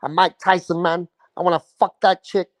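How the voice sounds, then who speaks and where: A man's voice: sits high, flat delivery, moderate pace, no echo, close to an everyday voice. A man putting on a crude, boastful impression of a famous male boxer, bragging in short, lewd lines.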